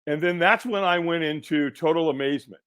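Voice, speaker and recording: A middle-aged man, a podcast guest, telling a personal story in an animated way and acting out the people in it. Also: a little high, a little fast, clean tone. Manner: animated storyteller who acts out quoted voices.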